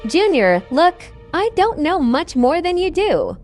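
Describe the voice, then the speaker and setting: A woman voicing a stoic male soldier team leader who gives steady, clipped orders. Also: very high voice, measured pace, faint music behind, full character voice.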